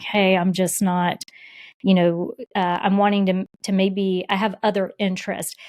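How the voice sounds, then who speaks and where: A woman's voice: medium pitch, darkish tone. Chatty woman podcast co-host. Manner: chatty, laughs often, retells others' words. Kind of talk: casual conversational interview.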